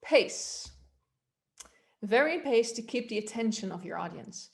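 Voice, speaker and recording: A woman's voice: fairly high pitch, expressive, unhurried, gravelly. A woman voice coach giving a workshop, explaining techniques in a loose, conversational way and demonstrating them aloud. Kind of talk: workshop instruction.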